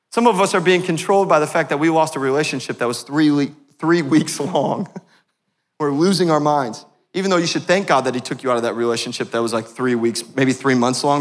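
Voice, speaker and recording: High-voiced male pastor preaching in a hall. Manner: passionate preaching that swings from hushed to loud; laughs and jokes with the congregation. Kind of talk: sermon. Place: church sanctuary. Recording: long reverb of a church hall.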